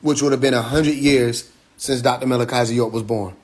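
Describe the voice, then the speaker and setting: In an Instagram Live monologue, a male host preaches with rhetorical questions and profanity. His mid-range voice stays steady and moves fairly quickly.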